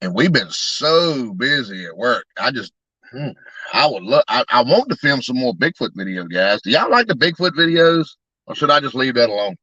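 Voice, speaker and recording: A man's voice: medium pitch, very animated, moderate pace, pushed and bright, slightly rough, no echo, dull audio. A man, casually chatting to his live-stream audience, laughing often and talking straight to the chat. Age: 30s. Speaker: truck tire shop owner and YouTuber.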